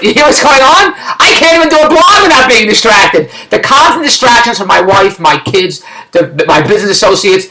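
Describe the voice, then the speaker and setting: On his video blog, a middle-aged man from Philadelphia rants loudly, rambling and sounding exasperated. His voice is high, and the low-quality recording has a roomy sound.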